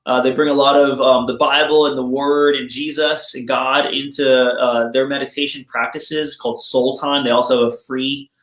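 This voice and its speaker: A man's voice: mid-range voice, level tone, normal speed, hardly any pauses, fairly bright tone. Man giving a casual health talk, roomy sound. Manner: friendly, explanatory, self-joking. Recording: roomy echo.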